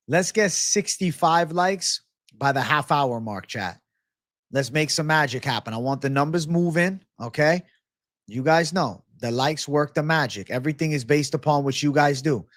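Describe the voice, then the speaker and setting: A man's voice: medium pitch, no room sound, studio quality. Profane, rambling male stream host. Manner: profane, rambling, flares into ranting. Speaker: livestream host. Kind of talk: live betting-picks stream talk.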